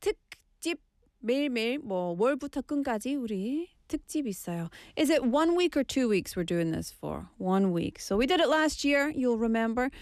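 A chatty middle-aged woman hosting a radio show, with a fairly high voice and a playful, bantering manner. She drops Korean words into her talk. The studio sound is dry and close. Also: animated, racing, dry recording. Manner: chatty, playful, switches between English and Korean. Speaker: radio host. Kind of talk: casual radio show chat. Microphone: studio microphone.

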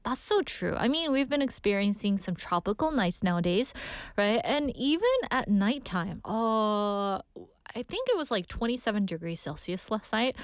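A woman's voice: medium pitch, dry recording, studio quality. A young woman hosting a radio show, chatting and laughing as she reads listener messages. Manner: bubbly, chatty, laughs often. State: out of breath. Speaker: radio host. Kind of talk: casual radio chat reading listener messages.

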